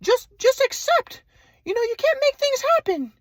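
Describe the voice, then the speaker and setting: A man putting on the voice of his calm, preachy, dismissive grandfather, drawn out and mocking. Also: no room sound, heavily acted. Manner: slow, drawn-out, falsetto-high mimicking.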